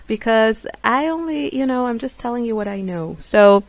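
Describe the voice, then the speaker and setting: A woman's voice: fairly high pitch, expressive, moderate pace, no room sound. A woman from Israel, a craft vlogger, chatting casually to camera with a hesitant, self-deprecating manner and many fillers. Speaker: craft YouTuber.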